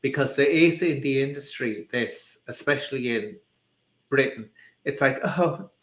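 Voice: medium pitch, normal speed, fairly bright tone. A host with a Liverpool accent telling anecdotes in casual chat, full of quoted speech. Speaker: interview host. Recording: roomy echo.

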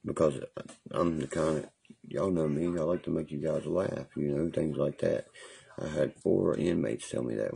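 A man broadcasting live from his phone in a parked car recounts jail stories in a rambling, profane, offhand way, laughing and animated. His voice is very deep, with vocal fry and a breathy edge, and he talks a little fast.

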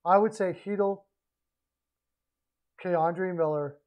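Male hockey commentator, slightly high voice, casual and rambling, self-correcting. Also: steady tone, takes it slowly, lo-fi sound. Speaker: hockey podcaster.

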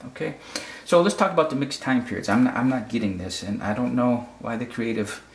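A man's voice: mid-range voice, brisk. A man from the United States explaining a fashion photo casually, often repeating words and checking in with "okay?". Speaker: photography critic. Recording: roomy echo.

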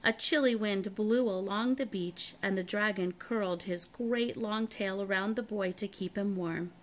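Woman reading a kids chapter book, calm steady storytelling, mid pitch. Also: measured pace. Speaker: storybook reader.

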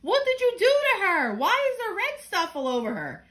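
A woman doing a shrill, fretful young mother. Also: sing-song, moderate pace, sharp tone, heavily acted. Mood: upset scolding. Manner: high-pitched, shrill and scolding.

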